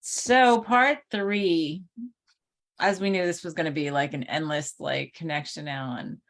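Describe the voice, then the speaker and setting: Chatty low-voiced woman co-host. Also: measured pace. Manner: chatty, filler-heavy, laughs easily. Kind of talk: casual spiritual chat.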